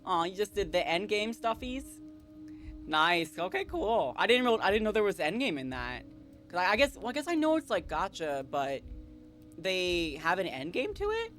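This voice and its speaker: A chatty, giggly woman streamer who talks to her chat while reading game dialogue aloud. She speaks at a mid pitch, with faint game music in the background. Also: very animated, moderate pace, fairly bright tone. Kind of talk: casual live game stream.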